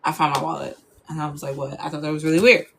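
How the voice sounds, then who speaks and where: A woman's voice: low-pitched, little pitch movement, rapid-fire, vocal fry, a bit bright, a little hiss or hum. A young woman telling a personal story in a casual, chatty way, full of fillers.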